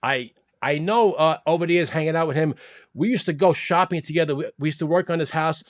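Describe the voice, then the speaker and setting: Male host, high-pitched, friendly and casual, dry close recording. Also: fast talker, dry recording. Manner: friendly, calls guests bro. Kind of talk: live online show hosting.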